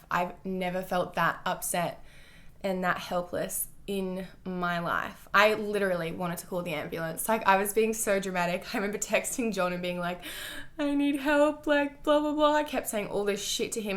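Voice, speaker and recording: A woman's voice: fairly low pitch, fairly bright tone. A young woman telling a personal storytime to her vlog viewers, candid and full of "like" fillers and swearing. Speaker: vlogger.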